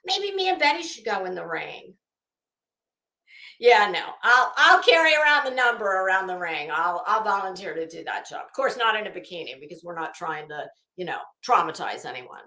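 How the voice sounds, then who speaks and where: A woman's voice: mid-range voice, very animated, moderate pace, pushed and bright. A woman hosting a live stream, reading chat messages aloud and giving catty, sarcastic gossip commentary with plenty of swearing. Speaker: livestream host. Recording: roomy echo.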